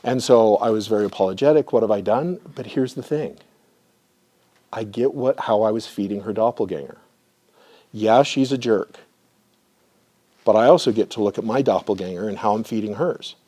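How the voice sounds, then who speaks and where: A middle-aged man giving a live lecture with personal stories to an audience in a room, conversational and often clearing his throat. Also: on the low side, normal speed, long pauses, mellow.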